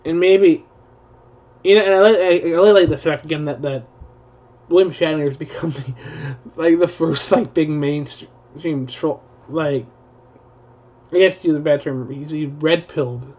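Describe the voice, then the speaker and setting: A man's voice: fairly high pitch, measured pace, a little mellow. A young man rambling in a profane live-stream commentary, full of restarts. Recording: dull lo-fi stream audio.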